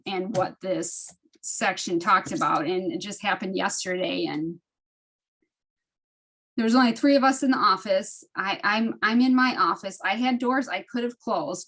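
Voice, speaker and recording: A woman in her fifties shares personal stories with her study group over a video call. She talks in an animated, emotional way, her voice jumping up as she gets caught up in the telling, and she often starts a sentence over. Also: mid-range voice. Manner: animated, emotional storytelling with frequent restarts. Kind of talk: casual personal sharing.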